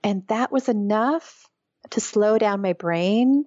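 A woman's voice: medium pitch, slow pace, mellow, no echo. A middle-aged woman speaks as an interview guest, earnest and reflective as she recounts her experience. Her voice comes through a slightly dull, lo-fi line with a dry, close sound. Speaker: guest, author. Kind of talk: interview conversation.

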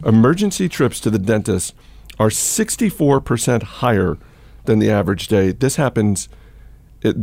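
A man's voice: lowish voice, creaky, a little mellow, dry recording. A man hosting a podcast, telling stories and chatting casually about markets, with many fillers and restarts. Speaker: podcast host. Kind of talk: casual storytelling and market chat.

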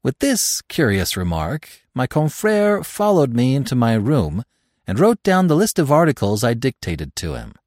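A man reading a first-person story aloud as the narrator, in an expressive, theatrical style. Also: medium pitch, normal speed, no echo, clean studio sound. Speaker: audiobook narrator.

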